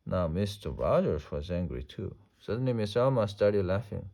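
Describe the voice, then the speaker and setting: A man reading a children's picture book aloud at a steady, gentle pace. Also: low voice, normal speed, vocal fry. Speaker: storyteller.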